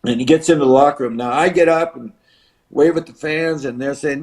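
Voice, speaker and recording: Man, 70s, from the US, retired wrestler, interview guest, animated storytelling, slightly high voice. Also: normal speed. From United States. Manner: animated, acts out quoted voices and crowd noise. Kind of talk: storytelling anecdote.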